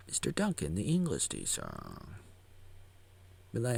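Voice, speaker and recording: A man's voice: medium pitch, huge pitch swings, moderate pace, gravelly, pauses often, darkish tone, husky. A man giving a goofy, rambling live reaction to a video about himself, jumping into silly voices and whispers. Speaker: vlogger reacting to his own documentary. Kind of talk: casual live reaction commentary.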